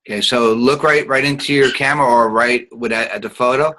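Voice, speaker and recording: A man's voice: medium pitch, a little fast, hardly any pauses, pushed and bright, poor audio. A man teaching an online acting class, guiding students patiently and showing each sound with hums.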